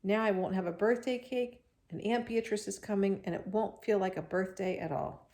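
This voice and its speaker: A woman's voice: mid-range voice, moderate pace, a little mellow, lightly acted. A woman voicing an upset schoolgirl big sister with an indignant, whiny tone. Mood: tearful.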